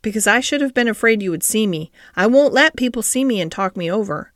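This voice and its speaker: A woman's voice: mid-range voice, animated, a little fast, fairly bright tone, dry recording, clean studio sound, close to an everyday voice. A woman voicing a sickly, fretful young boy in an audiobook, anxious and petulant.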